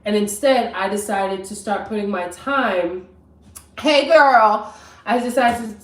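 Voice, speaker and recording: Young woman vlogger, casual story time, animated and direct, recorded off mic in an echoey kitchen. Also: mid-range voice, normal speed, distant mic. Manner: chatty, animated, talks straight to viewers. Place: home kitchen. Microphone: camera mic at a distance. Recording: roomy, from off mic.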